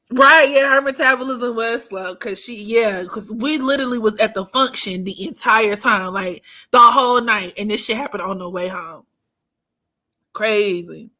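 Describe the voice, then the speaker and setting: A woman tells a story on her channel in a loose, animated way. Her voice sits a bit high and sounds bright and forward. She swears freely and laughs often. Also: takes it slowly, pauses often. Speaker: astrology streamer. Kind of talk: casual storytelling chat.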